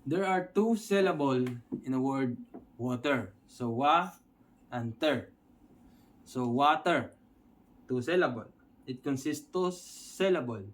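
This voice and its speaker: A man's voice: medium pitch, lively intonation, measured pace, slight background noise. A man from the Philippines with a Filipino accent, teaching an English lesson step by step and often checking in with his listeners. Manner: explains step by step, checks in with "Okay?". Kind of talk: instructional video lesson.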